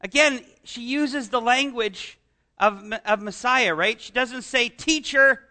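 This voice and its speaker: A man's voice: very high voice, slow pace, pushed and bright. A man preaching a conversational sermon, asking the congregation rhetorical questions and chuckling as he explains scripture. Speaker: pastor.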